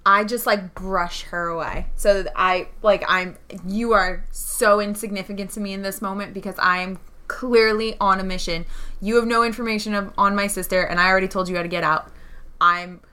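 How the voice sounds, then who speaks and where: Woman, bright tone, tabletop player, blunt, determined. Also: medium pitch, steady tone, moderate pace, clear, resonant tone. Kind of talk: playing a tabletop game.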